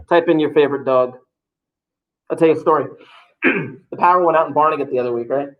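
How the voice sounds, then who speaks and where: A man's voice: fairly high pitch, lo-fi sound. Joking, chatty man teaching. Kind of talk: classroom talk to students. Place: classroom.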